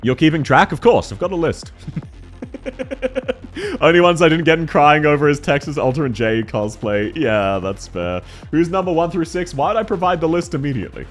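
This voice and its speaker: A man streaming casually and reviewing viewers' game accounts, talking quickly and excitedly as he reacts to chat. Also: fairly high pitch, faint music behind.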